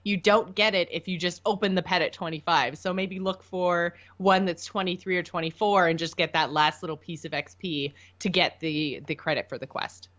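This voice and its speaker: A woman co-hosting a casual gaming podcast, chatty and giggly, explaining game details at length with quick asides. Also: fairly low pitch, steady tone, fairly bright tone, lo-fi sound. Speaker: podcast co-host.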